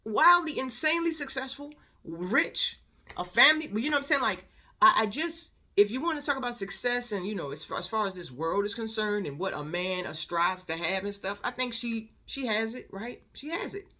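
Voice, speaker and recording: Bright-voiced emphatic woman vlogger. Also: a little high, lively intonation, moderate pace. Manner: emphatic, repeats words for stress. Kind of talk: casual vlog commentary.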